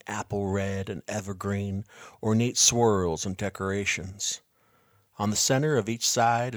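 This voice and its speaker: Low-voiced man narrating a story. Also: dry recording, studio quality. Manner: measured, quiet, reflective. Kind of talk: scripted first-person story narration.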